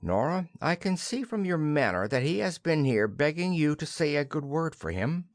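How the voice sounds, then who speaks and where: A man's voice: a little high, very animated, moderate pace, no echo, clean studio sound. A man voicing a patronizing middle-aged husband who scolds and talks down to his wife. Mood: scolding. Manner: scolding, condescending.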